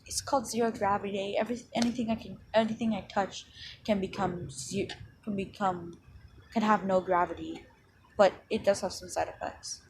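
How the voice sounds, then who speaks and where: A woman's voice: medium pitch, steady tone, moderate pace, a little hiss or hum, lightly acted, rough recording. A woman voicing a sweet, friendly teenage girl in a spoken fan story, polite and a little unsure.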